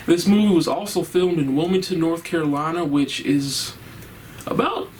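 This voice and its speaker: A man's voice: fairly high pitch, expressive, unhurried, slight background noise, low-quality recording. A man giving a casual, enthusiastic and rambling horror movie review, laughing often.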